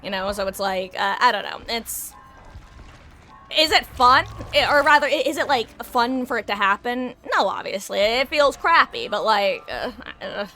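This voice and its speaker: Woman, game streamer, rambling casual chat, bright voice. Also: on the high side, lively intonation, normal speed, faint music behind. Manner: rambling, candid, swears casually. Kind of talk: casual chat while gaming.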